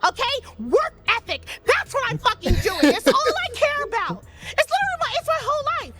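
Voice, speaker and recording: A woman's voice: very high-pitched, very animated, a little fast. An actress voicing a manic female slug racer in a video game who is obsessed with winning. She shifts from chirpy to screaming, foul-mouthed tantrums. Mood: screaming rage.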